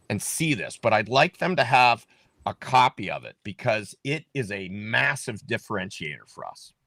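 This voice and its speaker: A man's voice: mid-range voice, fairly bright tone, dry recording. A man running for office, talking emphatically in a casual political chat and often repeating himself. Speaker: political candidate.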